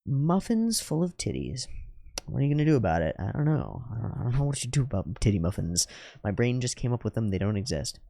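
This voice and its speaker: A man rambling through a profane, philosophical monologue at home while high on drugs. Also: very animated, fast talker, creaky, dark tone, no echo, studio quality. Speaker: YouTuber.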